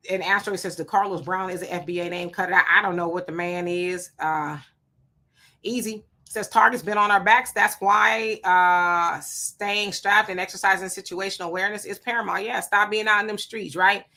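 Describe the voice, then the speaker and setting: A woman's voice: mid-range voice, fairly even intonation, normal speed, pushed and bright. A woman co-hosting a live stream, reading viewer comments aloud and greeting people by name in a blunt, casual way. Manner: blunt, talks back to commenters.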